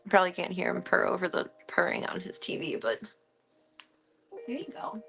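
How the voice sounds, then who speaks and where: A woman of middle pitch talks casually to her stream from home. She chats in a relaxed, wry way. She slips into cooing baby talk whenever she turns to her pets. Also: moderate pace, creaky, pauses often, soft background music. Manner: chatty and wry. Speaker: live streamer.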